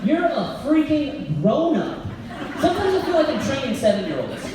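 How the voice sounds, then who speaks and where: A man giving a blunt, energetic motivational talk as a business coach before a live audience, joking and laughing as he goes. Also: very high-pitched, moderate pace, a crowd in the background, background noise. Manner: blunt, energetic, jokey, often laughing mid-sentence. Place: event venue before an audience. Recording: very echoey hall, voice picked up from far off.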